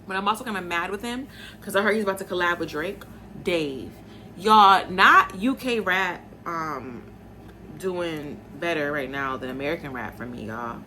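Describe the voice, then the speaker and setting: A woman's voice: medium pitch, moderate pace, sharp tone, a little hiss or hum. A young woman journalist hosting her own show, chatting to viewers in a casual, opinionated way and calling them y'all. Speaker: host and journalist.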